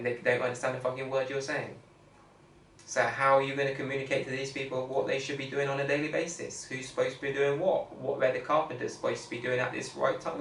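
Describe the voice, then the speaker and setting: A man's voice: medium pitch, fairly bright tone. A man co-hosts a podcast in an easy, rambling way, leaning on filler phrases and circling back over his point. His voice sits in an ordinary middle register. He sounds a little distant from the mic, in a roomy space with a faint hiss. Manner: rambling, repeats "you know what I mean". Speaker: podcast co-host. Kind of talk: casual chat.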